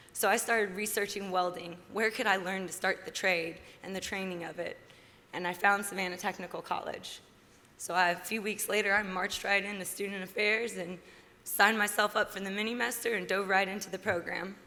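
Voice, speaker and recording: A woman's voice: mid-range voice, moderate pace. Woman, twenties, acceptance speech, earnest and heartfelt, podium mic, echoing large hall, faint background noise. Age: 20s. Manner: earnest and heartfelt, lifting with excitement. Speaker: award winner giving an acceptance speech.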